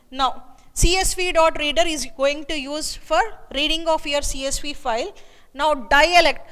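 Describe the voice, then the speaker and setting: A woman walks through a coding lesson step by step, repeating herself often. Her voice sits high, and the recording has a long, ringing reverb around it. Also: fairly bright tone. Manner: repetitive, explains step by step with filler "okay" and "see here". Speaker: programming teacher.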